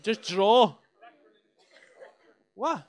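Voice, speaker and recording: A man's voice: high voice, lively intonation, drawn-out words. A young man doing sweary, teasing crowd work on a comedy club stage. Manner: sweary, teasing banter with the audience. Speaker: stand-up comedian.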